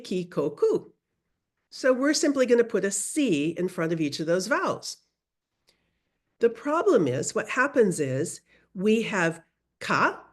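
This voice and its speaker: Slow, animated woman teaching online. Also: medium pitch. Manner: lively, drawn-out modeling of sounds for repetition. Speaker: Spanish teacher. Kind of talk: online class instruction. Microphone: video call.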